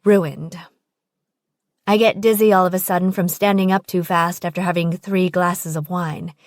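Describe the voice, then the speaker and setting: A woman's voice: on the low side, steady tone, moderate pace, no echo, clean studio sound. A woman narrating a first-person audiobook in an intimate, present-tense storytelling manner.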